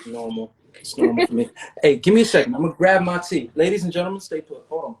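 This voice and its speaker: A man's voice: high-pitched, expressive, fast talker, creaky, pitched above the performer's own voice. A man putting on a theatrical fake British accent, calling people darling during joking banter on a live stream. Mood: playful. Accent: put-on British. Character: man playfully faking a posh British accent.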